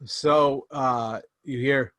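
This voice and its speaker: A man running a tabletop game as game master, narrating scenes with quick restarts and fillers. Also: medium pitch, fairly even intonation, a bit bright, dry recording.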